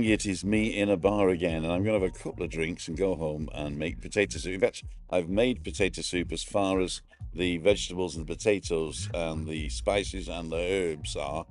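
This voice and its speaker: A middle-aged man with a low voice chats casually on a live stream from a bar. Wearing earphones, he greets viewers by name.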